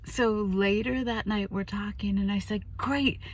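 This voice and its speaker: A woman's voice: mid-range voice, little pitch movement, normal speed, background noise. A woman relationship coach telling a story to camera in a chatty, self-deprecating way, with fillers and asides.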